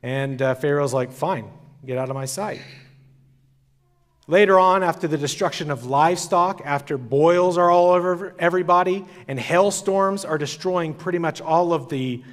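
A man's voice: on the high side, normal speed, hardly any pauses. A man giving a sermon at a conference, retelling the story in a casual, conversational way. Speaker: conference speaker. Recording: long hall reverb.

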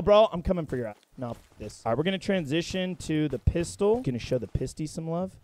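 A young man giving excitable, profane gameplay commentary, breaking into yelps and shouts as he plays. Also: a little high, fast, few pauses, a little hiss or hum. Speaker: gaming content creator.

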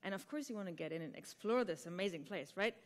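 A woman's voice: mid-range voice, expressive, quick pace. A woman teaching improv who explains a game step by step to a conference audience, often checking in with "right?". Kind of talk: conference talk.

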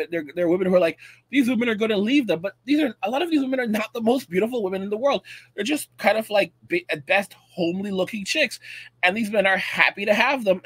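A millennial man from the United States giving a profane, animated commentary and acting out quoted voices. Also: high voice, slightly rough, no echo. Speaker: commentator reacting to a video. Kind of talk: casual ranting commentary.

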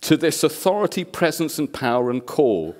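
A man preaching a sermon as a guest speaker, an animated storyteller who acts out the people in his stories. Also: a little high, moderate pace.

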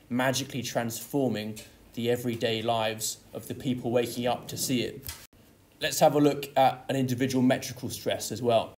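A man's voice: mid-range voice, darkish tone. Man, teacher, exam tutorial, explanatory, stresses key words. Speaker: English literature teacher.

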